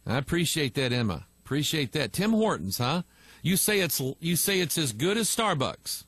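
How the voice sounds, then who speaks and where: A man's voice: on the high side, sing-song, moderate pace, fairly bright tone, dry recording. Blunt, emphatic male pastor. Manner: blunt, emphatic, reads viewer messages aloud and answers them. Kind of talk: live online teaching answering viewer comments.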